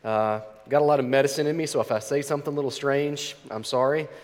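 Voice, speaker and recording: A man's voice: mid-range voice, fast talker. Congested male pastor in a reverberant church. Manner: chatty, warm asides, frequent fillers. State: congested, nasal from a cold. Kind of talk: sermon. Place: church sanctuary. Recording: long reverb in a church hall.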